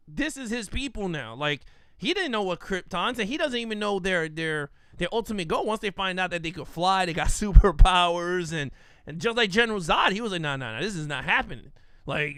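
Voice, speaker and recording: A man co-hosting a casual podcast, excitable and reading out chat comments. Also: sits high, smooth, dry recording. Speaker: podcast co-host.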